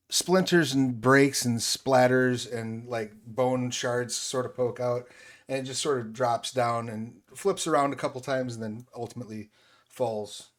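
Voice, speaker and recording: Laid-back male game master. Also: mid-range voice. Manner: loose, filler-heavy, laughs easily. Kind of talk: narrating a tabletop game.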